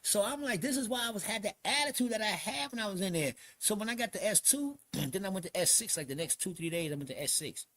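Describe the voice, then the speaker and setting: Animated profane man from New York. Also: sits high, fast talker, few pauses. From New York City. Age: middle-aged. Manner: animated, profane storytelling with quoted voices. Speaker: podcast host telling a story. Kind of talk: casual storytelling chat.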